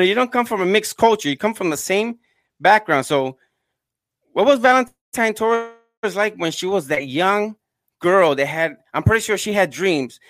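A man's voice: sits high, fairly bright tone, no echo. A man hosting a conversational interview, chatty, leading his guest with questions and restarts. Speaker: interviewer host.

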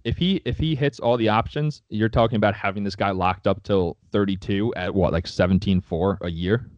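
A man's voice: fairly low pitch, normal speed, dry recording. A man co-hosting a casual sports podcast, talking in a profane, heated way. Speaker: podcast co-host. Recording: dry, slightly dull sound.

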